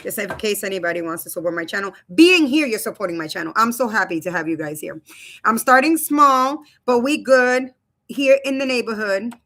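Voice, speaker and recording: A woman's voice: a little high, expressive, a little fast, a bit bright. A woman in her thirties or forties hosting a casual live stream from home on a webcam, chatty and loose, often calling her viewers "you guys.". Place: home room.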